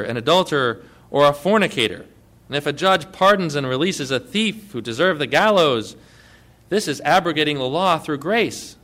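Male pastor, fairly high voice, emphatic sermon delivery with loud stresses and hushed asides. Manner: emphatic preaching, swinging between loud stresses and quiet asides; direct questions to the congregation.

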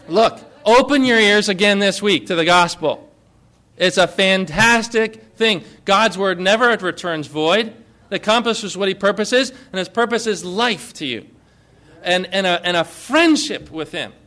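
A male pastor with a notably high voice delivers an earnest, conversational sermon. He keeps turning to his listeners with questions as he preaches. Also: pushed and bright.

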